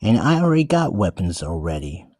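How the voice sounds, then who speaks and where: A man giving an earnest in-character monologue, talking haltingly with restarted words and often calling out to everyone. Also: low voice, sing-song, a little mellow, breathy edge, dry recording, clean studio sound. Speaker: vlogger describing himself as a wildcat.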